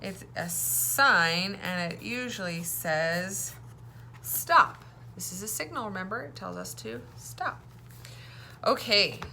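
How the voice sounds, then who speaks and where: A woman teaches young children to read, talking slowly and clearly with a bright, lively pitch. She keeps prompting them to say the words back to her. A faint hum of noise sits behind her voice. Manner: slow, clear, encouraging teacher talk with call-and-response prompts. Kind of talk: early-reading phonics lesson.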